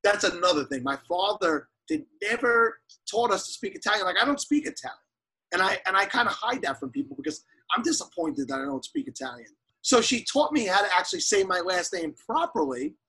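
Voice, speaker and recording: A man's voice: high voice, brisk, vocal fry, husky, poor audio. A man in his forties from New York, a guest telling a story in casual podcast chat and acting out the quotes. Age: 40s. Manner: animated storyteller, acts out quotes.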